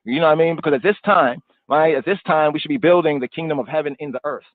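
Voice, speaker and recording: A man's voice: a little high, fast, dry recording. A man from the United States teaching scripture on a live stream, looping and repeating himself and mixing street slang into the lesson. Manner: loose and digressive, repeating words and phrases; informal street slang mixed with scripture talk. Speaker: Bible study teacher. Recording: dry, tinny phone-like line.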